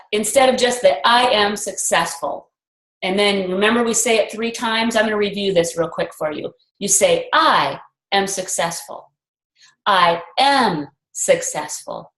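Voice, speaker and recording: A woman's voice: mid-range voice, a bit bright, echoey room, rough recording. A woman leading a network marketing group on a video call, talking earnestly in a rambling, motivational way and repeating affirmations with emphasis.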